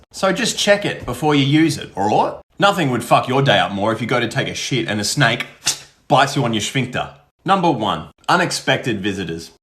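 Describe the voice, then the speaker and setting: A man's voice: mid-range voice, a bit bright. Australian man, comic list-style narrator, profane and easygoing, medium voice. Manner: blunt, heavy swearing, laid-back. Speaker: short-video creator.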